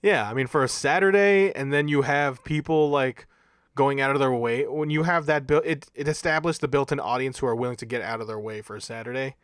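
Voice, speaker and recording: A mid-pitched man co-hosts a podcast in loose, rambling casual chat with chuckling asides. The sound is dry and close, with no room echo. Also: a little fast, a bit bright, clear, resonant tone. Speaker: podcast co-host.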